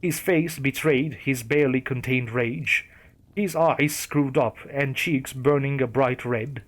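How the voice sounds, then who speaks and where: A man reading a first-person horror story aloud with a steady storytelling delivery. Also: mid-range voice, slow. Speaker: narrator. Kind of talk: scripted horror story narration.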